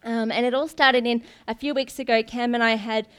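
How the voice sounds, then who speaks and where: A woman's voice: on the high side, steady tone, fairly quick, smooth. A young woman giving an informal sermon to her church, telling stories in a chatty way with lots of ums and restarts. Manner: chatty, laughs often, many ums and restarts. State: briefly tearful. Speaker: guest preacher, pastor's daughter.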